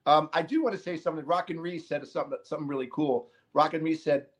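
An emphatic man hosts a casual hockey talk show, his voice sitting a little high. He pushes his points hard and often breaks into quick asides. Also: fairly even intonation. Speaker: podcast host. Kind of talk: casual sports chat.

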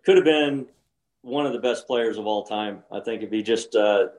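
A man's voice: fairly low pitch, normal speed, darkish tone. Rambling older man telling golf stories. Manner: rambling storyteller with frequent restarts. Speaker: podcast co-host, former pro golfer. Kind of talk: casual chat.

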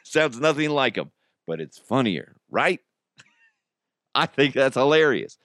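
A man's voice: mid-range voice, very animated, takes it slowly, long pauses, fairly bright tone, dry recording, clean studio sound. A man hosting a podcast in casual, rambling chat, mocking himself and laughing often. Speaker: podcast host.

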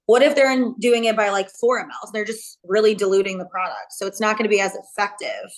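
A woman's voice: medium pitch, steady tone, fast talker. A woman who works as a cosmetic injector, explaining things casually and hedging with lots of fillers on a podcast.

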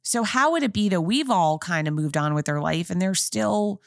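A woman's voice: lowish voice, lively intonation, normal speed, gravelly, no echo, clean studio sound. A woman in her forties hosting a podcast, chatting casually and emphatically to her listeners. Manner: gushing, chatty and emphatic, talking straight to listeners. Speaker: podcast host. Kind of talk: casual chat recap.

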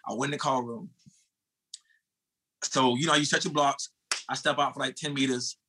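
A man in his thirties from the United States, a former sprinter telling a race story in animated, casual talk, swearing and calling the host bro. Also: mid-range voice, moderate pace, slight background noise.

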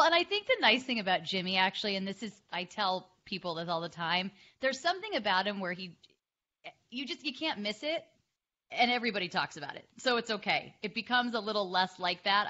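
A woman hosting a sports podcast, upbeat and quick to laugh as she interviews a guest. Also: mid-range voice, animated, pushed and bright, dull audio. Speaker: podcast host.

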